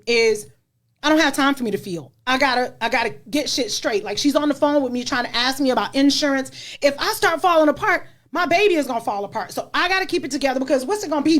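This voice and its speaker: In a candid, easygoing chat, a middle-aged woman hosting a podcast talks plainly about motherhood. Her voice sits high, she laughs frequently, and "you know" comes up again and again.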